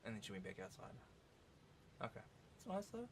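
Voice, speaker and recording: A man's voice: lowish voice, wildly swooping pitch, brisk, a little hiss or hum. A man casually commentating his own speedrun with joking, sarcastic asides.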